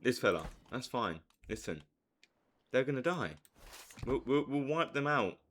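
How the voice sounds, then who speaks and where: A young man giving live commentary on a strategy game, swinging from low muttering to hyped outbursts. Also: sing-song, a little slow, a bit bright. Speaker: streamer.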